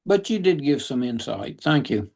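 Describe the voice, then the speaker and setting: A man's voice: mid-range voice, sing-song, normal speed, creaky, darkish tone, breathy edge. A man, a student in the class, making a brief and polite remark. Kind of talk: class discussion.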